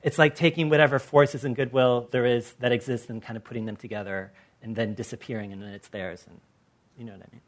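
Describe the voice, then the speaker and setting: An American man from Los Angeles, an artist on a panel discussion, telling stories in an animated way and acting out the people he quotes. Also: medium pitch, fast. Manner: animated storyteller who acts out quoted people.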